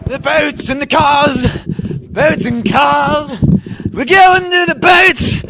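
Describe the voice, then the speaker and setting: A frantic, babbling figure squeals in a very high, gravelly voice. He drags his words out very slowly, heard from a distance over clear clicking noise. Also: steady tone, full character voice.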